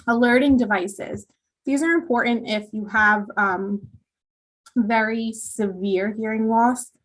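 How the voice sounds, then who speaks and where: A woman audiologist giving a virtual presentation, explaining hearing tests and devices in a plain tone with frequent ums and you knows. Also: medium pitch. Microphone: computer mic on a video call.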